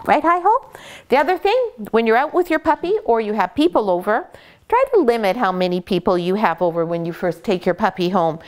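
A woman dog breeder calmly explaining puppy care, gently praising the dogs as she goes. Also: mid-range voice, a little fast, clear, resonant tone. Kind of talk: instructional puppy-care talk.

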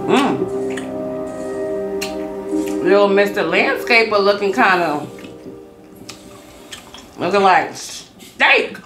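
A woman's voice: medium pitch, drawn-out words, pauses often, over music. A woman hosting a reaction video, chatting casually and sassily with her viewers. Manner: animated, sassy banter with viewers. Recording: echoey room with movie playing.

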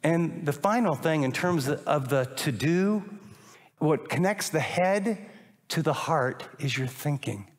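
An older man preaching a sermon as a pastor, animated and acting out little dialogues. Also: fairly high pitch, slow pace. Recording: long reverb of a large hall.

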